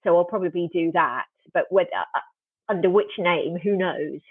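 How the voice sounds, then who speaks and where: A woman's voice: fairly low pitch, normal speed, breathy edge, no echo. A woman author speaking as an interview guest, thoughtful and wry, often restarting her sentences. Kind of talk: casual interview chat. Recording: tinny phone-like remote call line.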